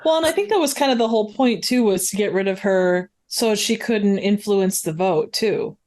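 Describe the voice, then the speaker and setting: A woman's voice: mid-range voice, lively intonation, moderate pace, darkish tone. A woman guest on a movie podcast, chatting casually with plenty of fillers and frequent laughter.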